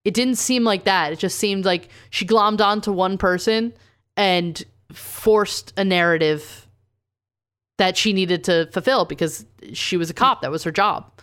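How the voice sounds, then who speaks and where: A woman's voice: medium pitch, a little slow, fairly bright tone, clear, resonant tone. A woman, co-hosting a podcast and casually telling a true crime story, reading quotes aloud and saying "like" often. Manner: casual, says "like" a lot, reads quotes aloud.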